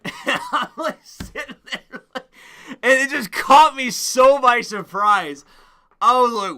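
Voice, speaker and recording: A young man streaming and rambling crudely, bursting into excited outbursts. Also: very high voice, slow pace. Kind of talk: casual stream commentary.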